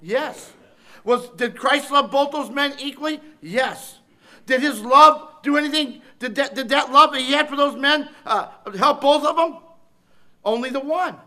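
A man preaching with a high, piercing voice, hammering his points home in repeated phrases. He swings from near-shouting fervor down to soft, hushed pleading. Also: unhurried. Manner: emphatic, repetitive phrasing. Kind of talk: sermon.

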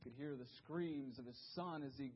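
A man preaching a sermon, telling a story dramatically, dropping to hushed low tones and then rising to shouts. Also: a little fast, slight background noise. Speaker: pastor. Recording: dull lo-fi recording.

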